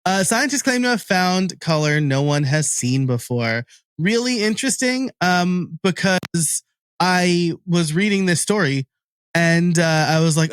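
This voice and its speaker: A man with a New York accent talks in a fairly high voice as he co-hosts a casual tech news show. He sounds chatty and laughs easily while musing on odd questions. The recording is close and dry. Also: expressive, a little slow, a bit bright, smooth, no room sound. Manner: chatty, laughs often, wondering aloud. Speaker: podcast co-host.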